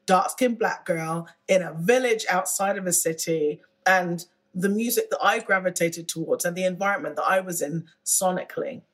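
A woman's voice: on the low side, normal speed, few pauses. A woman with a British accent, a musician who is a guest in a casual interview, talking candidly and laughing often. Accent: British English. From Britain.

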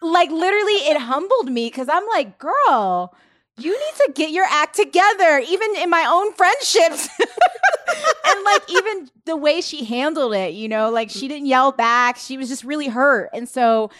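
A woman's voice: high voice, moderate pace, dry recording, studio quality. A woman, a podcast co-host, chatting expressively and acting out quotes as she tells a story. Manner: expressive, laughing, acts out quotes. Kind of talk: casual conversation.

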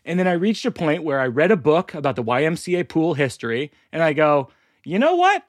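A man hosts a relaxed podcast conversation, his voice sitting a little higher than most men's. He rambles through his stories and keeps breaking off to restart. The sound is dry, with no room around it. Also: quick pace, no echo. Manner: rambling, self-interrupting storyteller. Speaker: podcast host. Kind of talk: casual conversational interview.

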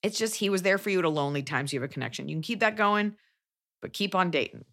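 A woman's voice: lowish voice, lively intonation, fairly bright tone. Blunt, profane woman giving advice. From Dallas, Texas. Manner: blunt, profane, rapid opinionated riffing. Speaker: podcast host giving advice. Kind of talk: casual advice chat.

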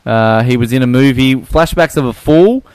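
A man co-hosting a podcast, chatting casually and jokily about films, with halting restarts. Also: mid-range voice, darkish tone, smooth, no echo. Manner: rambling, joking, halting restarts. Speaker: podcast co-host. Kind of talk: casual film chat.

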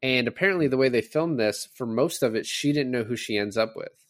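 Fairly quick and medium in pitch, this man co-hosts a podcast and chats loosely about a movie, recounting scenes with plenty of fillers. The sound is clean studio audio with no echo.

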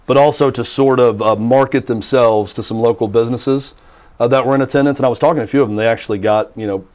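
A man co-hosting a sports talk radio show, telling stories in an animated way with plenty of fillers and restarts. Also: medium pitch, quick pace.

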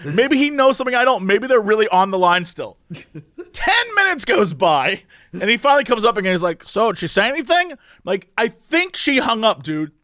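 A man with a high voice tells a long story in casual conversation at a normal speed, laughing often and impersonating the people involved. The sound is clean studio audio with no echo.

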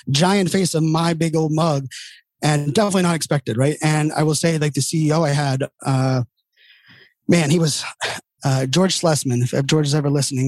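A middle-aged man tells stories in a loose, conversational way, stringing thoughts together with fillers and restarts. His voice sits slightly high for a man, and the sound is dry with no room echo. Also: darkish tone. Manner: rambling, heavy with fillers and restarts. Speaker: entrepreneur guest. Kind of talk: casual conversational storytelling.

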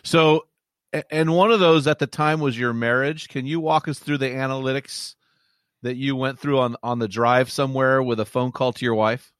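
Relaxed male interview host, dry sound. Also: mid-range voice, moderate pace, dry recording. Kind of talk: casual interview.

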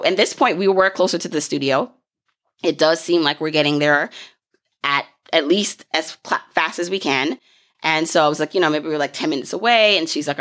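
A woman's voice: sits low, fairly bright tone. A young woman telling a personal story in a casual, chatty way, with frequent fillers, restarts and light laughs. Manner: chatty, fast-paced, fillers and self-corrections, laughs often.

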